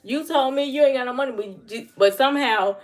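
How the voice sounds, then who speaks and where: A woman's voice: high-pitched, fairly quick. A woman giving blunt, emphatic advice to her viewers on a casual livestream and answering the chat. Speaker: livestream host.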